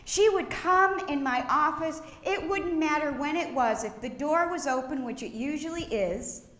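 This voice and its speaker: A woman pastor giving a funeral eulogy in a church, telling stories with gentle laughs. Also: sits high, moderate pace. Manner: warm storytelling with gentle laughs. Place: church sanctuary. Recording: echoey church room.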